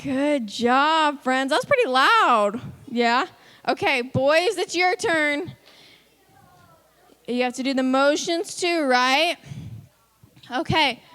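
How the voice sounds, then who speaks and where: A woman with a high voice leads a children's church lesson. She talks in an upbeat, coaxing way and calls out countdowns for the kids. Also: expressive, slow pace, pauses often, fairly bright tone. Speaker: children's ministry leader. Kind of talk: leading a kids' church lesson.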